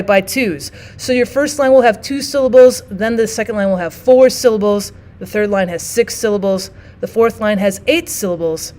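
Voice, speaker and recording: Female teacher, fairly high pitch, patient classroom explainer who slows down to read poems. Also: darkish tone. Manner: explains step by step, reads poems aloud slowly. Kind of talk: classroom lesson.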